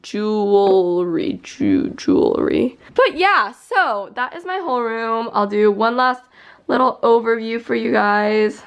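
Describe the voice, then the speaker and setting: A young woman chatting her way around her bedroom on camera. Her talk is rambling and casual, full of "like" and little asides. This is a relaxed home vlog. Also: on the high side, unhurried, clear, resonant tone. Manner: chatty, rambling, heavy use of "like". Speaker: vlogger. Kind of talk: casual room tour vlog. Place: bedroom, indoors.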